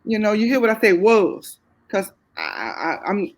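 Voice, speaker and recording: A woman's voice: medium pitch, huge pitch swings, moderate pace. Heartfelt woman, Southern US accent. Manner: heartfelt, faith-filled, repeats phrases for emphasis. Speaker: guest. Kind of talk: candid testimony in conversation.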